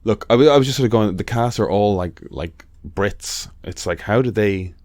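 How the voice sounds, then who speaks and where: A man with a fairly low voice talks loosely in casual podcast chat. He rambles, swears and leans on fillers. The sound is dry and close to the mic. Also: moderate pace, darkish tone, no echo. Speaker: podcast co-host.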